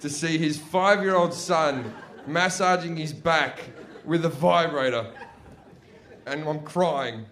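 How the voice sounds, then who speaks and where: A man doing a crude, swearing stand-up routine as an animated storyteller. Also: fairly high pitch, takes it slowly, slight background noise. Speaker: stand-up comedian.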